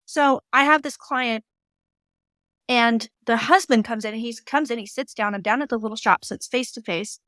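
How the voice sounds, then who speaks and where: Female guest, medium, fairly high voice, animated storyteller who voices the people she quotes; dry sound. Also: moderate pace, no room sound. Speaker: guest medium and tarot reader. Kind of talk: casual storytelling.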